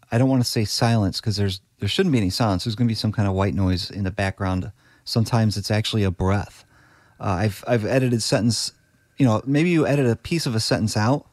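Guest, male, low-pitched, practical explainer, dry close sound. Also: a little mellow, dry recording. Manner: practical, explanatory, with frequent restarts. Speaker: guest podcast editor. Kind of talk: conversational interview.

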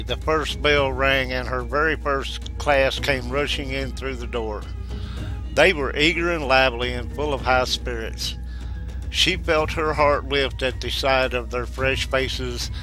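A man narrates a ghost story in a bright, clear voice at a middle pitch. He keeps a measured, steady storytelling pace. Faint music plays behind him. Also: low-quality recording. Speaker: storyteller host.

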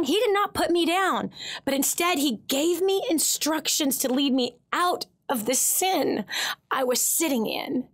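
Emotional woman radio host, high voice. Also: normal speed. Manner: emotional, animated personal storytelling. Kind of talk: Christian talk radio monologue.

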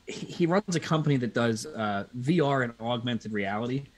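A business coach from Pennsylvania, USA, appears as a guest in a casual chat, telling animated stories and acting out the people in them. His voice is mid-range and his pace moderate.

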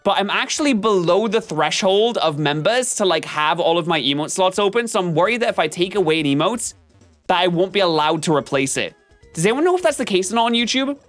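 Animated, self-mocking male streamer. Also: high voice, a little fast, soft background music. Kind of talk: live-stream gameplay commentary, reading chat.

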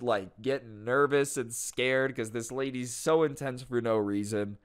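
A man's voice: medium pitch, clean tone. A man casually telling a school story to his channel, chatty and exasperated, with slangy asides. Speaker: storytime YouTuber.

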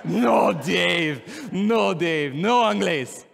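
A man's voice: mid-range voice, wildly swooping pitch, slow pace, creaky, breathy edge, big-room sound, exaggerated voice. A man impersonating a friend, an insistent pastor who firmly repeats himself.

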